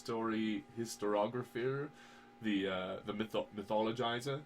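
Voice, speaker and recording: A man's voice: fairly low pitch, fairly even intonation, moderate pace, a little hiss or hum. A man chatting casually on a podcast, rambling with lots of fillers and swearing, and at times building into heated rants. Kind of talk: casual conversational podcast chat.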